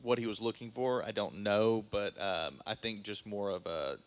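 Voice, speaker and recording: Man, low-pitched, easygoing guest with plenty of "uh" and "um". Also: normal speed. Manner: relaxed storyteller, many fillers. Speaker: caterer guest. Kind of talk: casual interview chat.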